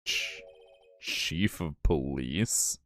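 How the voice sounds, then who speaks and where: A man's voice: a bass voice, very slow, pitched below the performer's own voice, exaggerated voice. A man voicing an awkward, wary young male defense attorney in a fan dub of a courtroom game. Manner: hesitant, deadpan.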